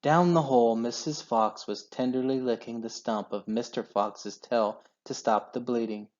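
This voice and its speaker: A man reading a children's storybook aloud in an expressive, measured way. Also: mid-range voice. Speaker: children's book reader. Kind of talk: storybook read-aloud narration. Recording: dull lo-fi sound.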